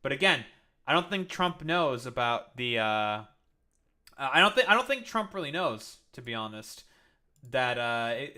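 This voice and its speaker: A man with a bright, forward voice rants in live-stream political commentary. He swears freely and keeps stumbling into restarts as he pushes his point. His pitch sits in an ordinary middle range. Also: smooth. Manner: heated ranting with profanity and many restarts.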